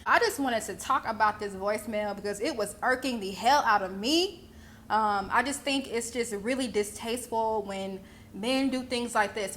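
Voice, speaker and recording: A woman's voice: a little high, sharp tone, a little hiss or hum. Sassy, blunt young woman ranting. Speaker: vlogger commentator. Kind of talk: casual commentary.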